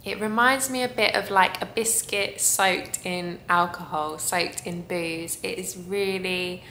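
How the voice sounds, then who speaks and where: A woman's voice: fairly low pitch, fairly even intonation, a little slow, few pauses, bright, forceful tone, reverberant, slight background noise. A woman reviewing perfumes in a casual vlog, gushing and lingering over her descriptions.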